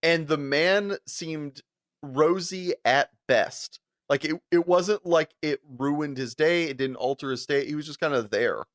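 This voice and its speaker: A man's voice: measured pace, no room sound, studio quality. A man co-hosting a podcast, telling stories in casual chat, laughing often and acting out the people he quotes. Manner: animated, laughs often, acts out quotes in higher voice. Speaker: podcast co-host.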